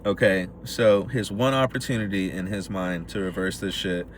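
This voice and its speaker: This deep-voiced podcast co-host talks at normal speed while casually summarizing a movie. He performs the characters' lines with animated flair, and a little hiss or hum can be heard.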